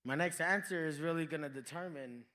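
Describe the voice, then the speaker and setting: A man's voice: a little high, a little fast, sharp tone. A young man from New Mexico doing a stand-up comedy set on a club stage, telling stories in a laid-back way and slipping into quoted voices. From New Mexico, USA.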